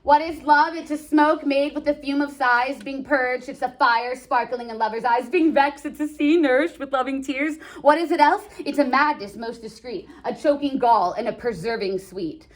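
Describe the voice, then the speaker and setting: A woman's voice: high-pitched, moderate pace, hardly any pauses, voice pushed up, close to an everyday voice. A woman voicing a lovesick, melodramatic young man who whines and sighs over his heartbreak, in a classroom. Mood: moping. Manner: whiny, sighing, overwrought.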